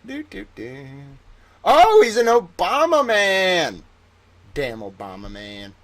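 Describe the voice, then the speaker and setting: A man putting on the voice of a grumbling old man who rants about commies in a low, muttering grumble. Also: wildly swooping pitch, slow pace, a bit bright, full character voice.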